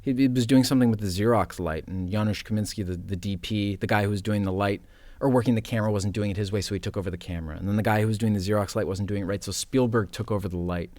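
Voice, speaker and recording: A man who is an actor, guest on a studio podcast, telling casual stories in an animated, self-mocking way with the odd swear word. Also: lowish voice, fast talker, no echo. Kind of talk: casual storytelling chat.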